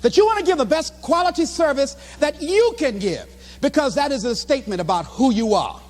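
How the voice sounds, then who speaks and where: A man giving a motivational speech to a live audience, telling stories with animated delivery and shouting out his own acted lines. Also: extremely high pitch, brisk. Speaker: motivational speaker.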